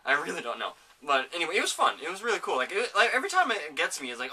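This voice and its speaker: A man hosting a casual home podcast, rambling excitedly about a video game and swearing often. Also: a little high, fast, few pauses, far from the mic. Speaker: podcast host. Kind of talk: casual gaming chat.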